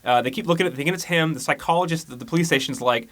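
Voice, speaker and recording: A man casually recapping a movie plot on a podcast, rambling along and acting out the characters' lines in quick voices. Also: mid-range voice, a bit bright. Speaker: podcast co-host.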